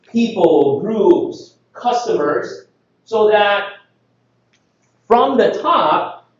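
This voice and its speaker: A man gives a lively conference talk, tossing rhetorical questions at the crowd. His voice sits high for a man. It is picked up from a distance in a booming, echoey hall, with a dull, muffled tone. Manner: energetic, rhetorical questions to the audience. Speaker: conference speaker. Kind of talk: conference presentation.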